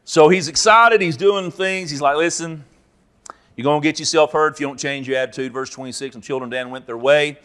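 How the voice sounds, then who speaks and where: A man preaching a Bible teaching, telling stories and acting out characters with sudden loud outbursts. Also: on the high side, fairly quick, clear, resonant tone. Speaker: pastor. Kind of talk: sermon teaching.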